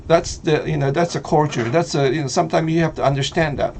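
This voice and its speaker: A man's voice: on the high side, fast, vocal fry, darkish tone, slight background noise. Filipino-accented man, hesitant casual commentary. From Philippines. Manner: hesitant, many fillers, laughs easily. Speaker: vlogger.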